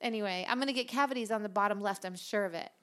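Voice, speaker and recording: A woman's voice: medium pitch, racing, fairly bright tone, clear, resonant tone. A woman co-hosting a casual podcast at home, playful and teasing, laughing often. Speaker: podcast co-host. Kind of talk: casual chat. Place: home kitchen table.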